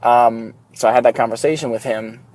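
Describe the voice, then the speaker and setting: A young man records a candid podcast monologue from his car during the morning commute. His voice is mellow and warm, at an ordinary middle pitch, and he talks with earnest openness, dropping in a swear word here and there. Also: steady tone, fairly quick. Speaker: podcast host. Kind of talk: casual solo podcast monologue.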